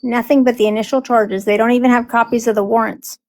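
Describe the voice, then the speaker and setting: A woman's voice: on the high side, steady tone, fast, darkish tone, poor audio. A woman co-hosting a casual group discussion, explaining emphatically and acting out quotes.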